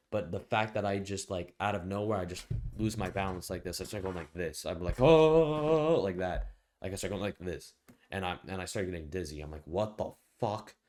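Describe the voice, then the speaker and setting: Young male vlogger, low voice, slangy profane storyteller with loud outbursts. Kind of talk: casual storytime monologue.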